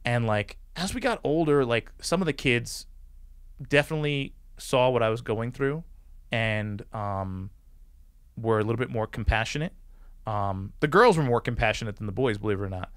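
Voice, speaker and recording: A podcast guest in his forties shares rambling life stories in a casual interview, acting out quotes and saying "like" often. His medium-pitched voice is expressive, clear and resonant at normal speed, recorded at studio quality with no echo.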